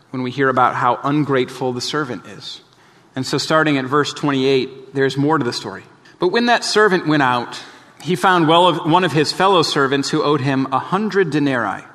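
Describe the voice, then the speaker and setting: A man's voice: medium pitch, a bit bright. A man preaching a sermon that explains a parable, emphatic and fond of repeating key phrases. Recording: long hall reverb.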